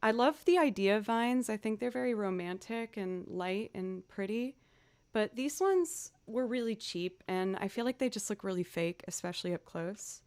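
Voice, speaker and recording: A woman's voice: mid-range voice, expressive, normal speed, a little mellow, clear, resonant tone, dry recording. A young woman chatting casually with viewers on her music livestream, upbeat and encouraging herself.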